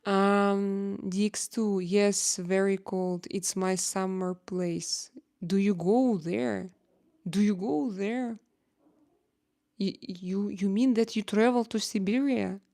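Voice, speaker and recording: A woman's voice: mid-range voice, steady tone, slow pace, mellow. A middle-aged woman with a Russian accent hosting a casual livestream chat and reading viewer comments aloud. She talks hesitantly, with many filler sounds and playful teasing.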